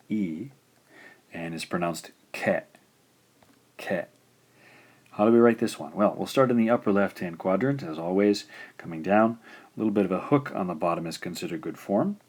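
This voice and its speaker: A man teaching beginner Japanese writing, explaining stroke order patiently and sounding out syllables slowly and deliberately. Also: low-pitched, darkish tone. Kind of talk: instructional explanation.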